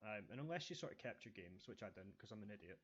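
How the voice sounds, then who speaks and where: A man's voice: fairly low pitch, fast, background noise. A man with a Scottish accent telling stories in a casual podcast chat, with lots of ums and uhs. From Scotland. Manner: relaxed storytelling with many fillers. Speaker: podcast co-host. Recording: dull lo-fi audio.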